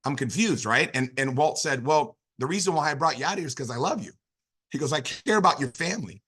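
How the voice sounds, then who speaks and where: A man in his fifties tells a motivational business story at a quick clip. His voice is bright and forceful. He talks in an animated way, stumbling over restarts and fillers as he pushes on. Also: fairly high pitch, breathy edge. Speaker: business opportunity speaker.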